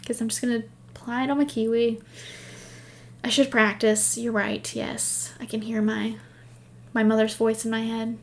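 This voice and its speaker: A woman's voice: a little high, flat delivery, normal speed, pauses often. Chatty woman knitting podcast host. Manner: chatty, rambling storyteller; laughs at herself. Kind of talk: casual chat.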